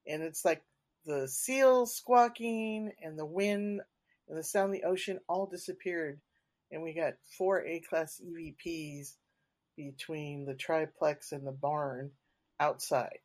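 A woman's voice: low voice, takes it slowly. A woman being interviewed as a paranormal investigator, recounting her experiences casually and unhurriedly, with fillers and restarts. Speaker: podcast guest, paranormal investigator.

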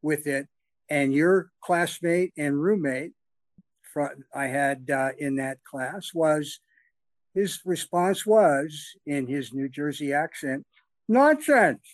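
A man's voice: on the high side, takes it slowly, dry recording. A man on a sports talk panel, telling a wry story with chuckling asides. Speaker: podcast panelist.

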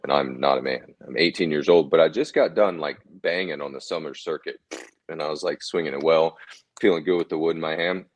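A man, a former ballplayer, telling relaxed anecdotes as a guest in a casual interview, often chuckling. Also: very deep voice, brisk, a little hiss or hum. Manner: laid-back, chuckling anecdotes.

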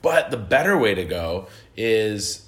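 Jokey low-voiced man co-hosting a chat show. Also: very animated, unhurried. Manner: jokey, rambling, swears casually. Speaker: podcast co-host. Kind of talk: casual chat.

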